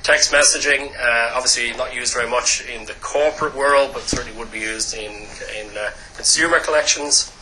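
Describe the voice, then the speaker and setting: A man giving a training lecture to a class. He talks loudly and briskly, checking in with "okay?" after nearly every point. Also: mid-range voice, slight background noise, poor audio. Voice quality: loud voice. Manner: brisk, peppers lines with "okay?".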